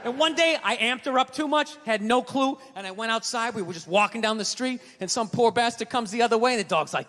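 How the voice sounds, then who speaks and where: A man doing a stand-up routine, ranting and swearing, with loud outbursts. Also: very high-pitched, lively intonation, fast talker, few pauses, slight background noise. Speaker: stand-up comedian. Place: stage in a large hall before a live audience. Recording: live hall with long reverb.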